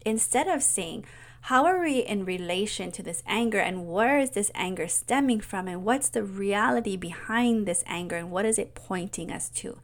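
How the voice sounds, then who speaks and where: A middle-aged woman mentor speaking in an earnest, soft-spoken personal monologue, often dropping to a whisper. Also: medium pitch, lively intonation, normal speed. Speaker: mentor and coach.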